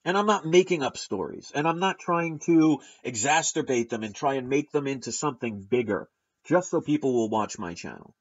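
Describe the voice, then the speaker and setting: A man's voice: medium pitch, lively intonation, moderate pace, dull audio. Emphatic man ranting with sarcasm. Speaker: channel host. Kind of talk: opinion vlog monologue.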